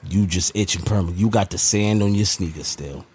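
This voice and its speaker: A man's voice: low-pitched, fairly quick, darkish tone, husky. A man co-hosting a podcast, in casual banter, ribbing his partner in a heated, profane way. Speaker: podcast co-host.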